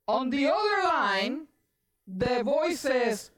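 Woman preacher, high voice, animated storyteller, repeats words and builds to loud emphasis. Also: a little slow. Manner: repeats words and restarts often. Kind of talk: storytelling sermon.

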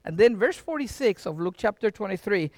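Middle-aged man, sermon-style pastor, very animated pitch, folksy and joking with his flock. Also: a little fast, no echo, clean studio sound. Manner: dramatic preaching with sudden loud and quiet swings; folksy, joking asides to the congregation.

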